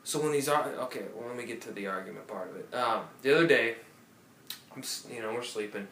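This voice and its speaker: A man's voice: mid-range voice, quick pace, a bit bright, recorded from a distance, a little hiss or hum. A man co-hosting a casual podcast, telling a rambling, profane anecdote full of restarts, recorded in an apartment room. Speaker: podcast co-host. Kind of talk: casual chat, storytelling. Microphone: phone or tablet recording. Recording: roomy audio from off-mic.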